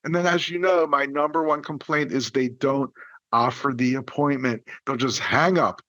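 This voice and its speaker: A male dental coach hosting a podcast, talking in an energetic, playful way and acting out the lines he quotes. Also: medium pitch, moderate pace, no room sound, lo-fi sound. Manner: animated, exaggerated, playful delivery with acted-out quotes.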